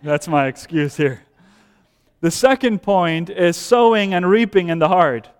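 A man whose first language is Dutch preaches to a congregation, pressing his points with repetition and swinging between hushed lows and emphatic highs. His voice sits high and comes through smooth and resonant. Long reverb from the church hall trails each phrase. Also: expressive, a little slow. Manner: emphatic, repeats phrases, drops to soft low voice then rises. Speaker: pastor. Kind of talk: sermon.

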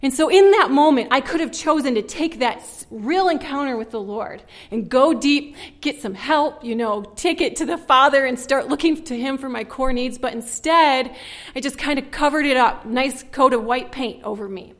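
A woman's voice: high voice, moderate pace. Earnest woman giving a personal testimony. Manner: earnest, conversational, with frequent "like". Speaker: speaker sharing her testimony.

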